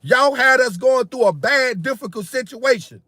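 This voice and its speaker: A man's voice: very high voice, lively intonation, moderate pace, sharp tone, no echo, studio quality. A man, hosting a political commentary livestream. He rants heatedly, repeats himself, and keeps calling his viewers "bro" and "man.". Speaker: political commentary channel host.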